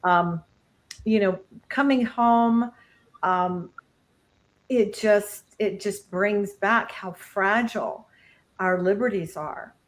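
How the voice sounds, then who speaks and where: A woman speaks slowly over a video call, grateful and emotional. Her phrases come halting, with many pauses. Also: mid-range voice, low-quality recording. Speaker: guest.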